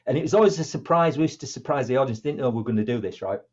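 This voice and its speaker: Husky guy, middle-aged, tells stories and does all the voices, dull lo-fi sound. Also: medium pitch, racing. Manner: animated, acts out dialogue in different voices. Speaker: motivational speaker, guest. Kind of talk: conversational storytelling.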